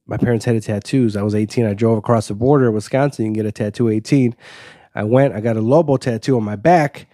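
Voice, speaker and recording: Fast-talking Chicago man, mellow dry voice. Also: on the low side, no echo. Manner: fast-talking, rambling and self-deprecating. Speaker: podcast guest, comedian. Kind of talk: casual podcast chat.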